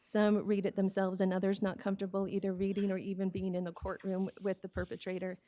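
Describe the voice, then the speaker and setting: An American woman delivers a prepared report to a county board in an earnest, steady manner. Her voice is mellow and warm, and she keeps her pitch flat and even. She speaks at a middle pitch. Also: quick pace. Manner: steady and earnest, becoming emotional and hesitant. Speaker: victim services presenter at a county meeting. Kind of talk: reading a prepared report, then answering questions.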